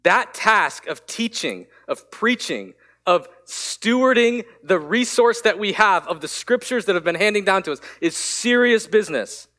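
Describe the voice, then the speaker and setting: High-voiced man preaching with lively candor. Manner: animated, candid storytelling with quick asides. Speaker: pastor. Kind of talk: sermon.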